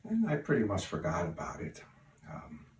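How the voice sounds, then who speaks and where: Brief: older man, deep low voice, folksy rambling remembrance, distant mic in an echoey room. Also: wildly swooping pitch. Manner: unhurried, folksy, many fillers. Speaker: relative sharing memories. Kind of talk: spoken remembrance. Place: room at home. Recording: roomy, distant mic, faint hiss.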